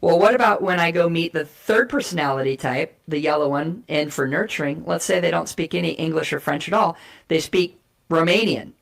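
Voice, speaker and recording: A woman guest giving an energetic, persuasive talk on communication styles and acting out short role plays to make her points. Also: sits low, a little fast, vocal fry. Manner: energetic, persuasive, emphatic teaching. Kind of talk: animated explanatory talk with role play.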